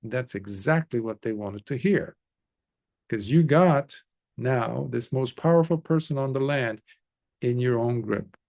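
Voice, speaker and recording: A man's voice: medium pitch, a little slow, gravelly, darkish tone. A man, a Buddhist monk, telling a story in a conversational dharma talk with casual asides.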